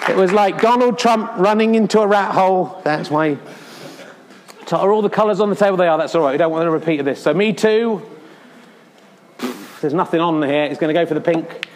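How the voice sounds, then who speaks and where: A man with a high, lively voice plays a pompous snooker commentator and announcer for a live theatre crowd. He is sardonic and swears freely. The sound carries a long hall reverb and a faint hiss. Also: fairly quick. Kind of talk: mock sports commentary on stage. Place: theatre stage.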